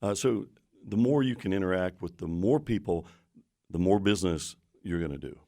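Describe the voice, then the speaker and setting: Lively low-voiced man joking on radio. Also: normal speed, no echo, studio quality. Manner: lively and jokey, many fillers and repeated words. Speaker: guest on radio show. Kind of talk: casual radio talk show chat.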